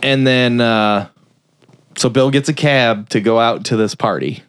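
A man's voice: medium pitch, a little slow, a bit bright, clear, resonant tone, no echo. Profane rambling man, dry close mic. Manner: rambling plot retelling with swearing and many fillers. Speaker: film review podcast host. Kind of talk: casual chat.

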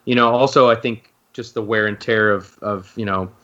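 A man's voice: fairly low pitch, fairly even intonation, moderate pace, a bit bright, dull audio. A man talking as a podcast guest in a rambling, casual way, full of fillers and restarts. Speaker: guest, docuseries co-creator.

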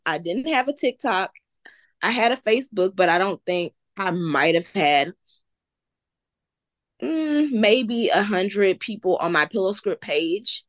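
This entrepreneur guest, a woman from the American South, speaks on the low side with a slightly bright tone. She recounts founding her business in a relaxed interview, earnest and encouraging, her faith coming through, all captured in a dry recording.

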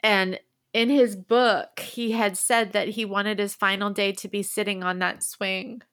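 A young woman co-hosting a casual podcast, her voice sitting at a middle pitch. She grows emotional and a little teary as she tells a story, laughing through the tears. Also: steady tone, unhurried, a bit bright, smooth. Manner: emotional, tearful and laughing while telling a story. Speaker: podcast co-host.

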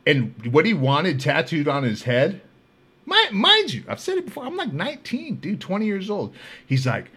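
A man hosting a podcast, telling comedic stories in a loud, profane, laughing way. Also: high voice, wildly swooping pitch, moderate pace, slightly rough. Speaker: podcast host. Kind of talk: comedic storytelling.

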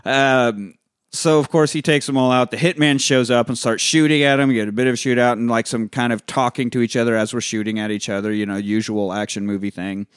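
A man's voice: mid-range voice, a little fast, clean tone, no room sound, studio quality. A man co-hosting a podcast, retelling a movie in casual chat, acting out the characters' lines and swearing freely. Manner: animated, acts out characters' lines while retelling, swears a lot. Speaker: podcast co-host.

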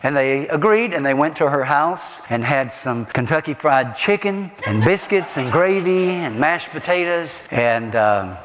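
A middle-aged man, preaching a sermon as pastor, animated, asking the congregation rhetorical questions. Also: fairly high pitch, a little slow, few pauses, big-room sound.

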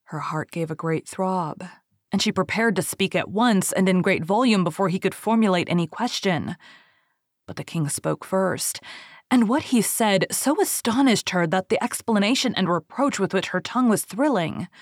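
A woman narrating a storybook in a measured, literary way. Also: medium pitch, expressive, breathy edge, no room sound, clean studio sound. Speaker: reader.

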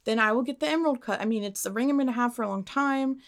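A young woman with a slightly high voice tells a long personal story on a casual podcast. She is animated and swears freely, acting out the quotes as she goes. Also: rapid-fire. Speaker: podcast co-host.

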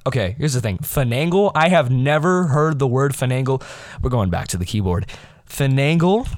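A teenage boy with a mid-range, animated voice hosts his own podcast, speaking at a moderate pace in a dry recording. In this casual storytelling monologue he rambles and pokes fun at himself, full of fillers and restarts.

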